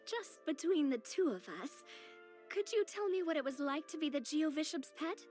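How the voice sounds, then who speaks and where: Bubbly young noblewoman for a game; high, expressive and chatty. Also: moderate pace, faint music behind. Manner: bubbly and expressive, thinking aloud. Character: cheerful, lively young noblewoman. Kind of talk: game voice acting.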